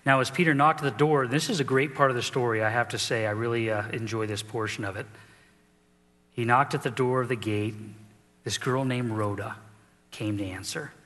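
Middle-aged male pastor, animated preaching. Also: mid-range voice, brisk, in a large hall. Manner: animated storytelling, acting out characters in the story. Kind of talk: sermon.

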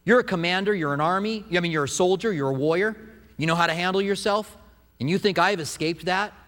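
A man preaching a sermon, retelling a scripture story with animated storytelling. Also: high-pitched, fast talker. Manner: animated storytelling, acts out quotes. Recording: echoey hall.

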